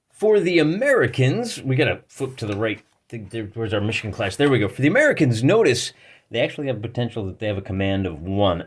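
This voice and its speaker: Chatty man explaining a tabletop wargame. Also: lowish voice. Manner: chatty, jokey, explains rules while rolling dice. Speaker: wargaming channel host. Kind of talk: casual tabletop game walkthrough.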